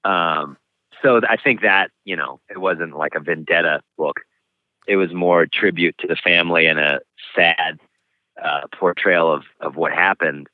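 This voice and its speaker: Deep-voiced man on a tinny line. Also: dry recording. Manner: frank and reflective, pauses often. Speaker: author and guest. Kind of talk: candid interview conversation. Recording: tinny phone-like line, dry.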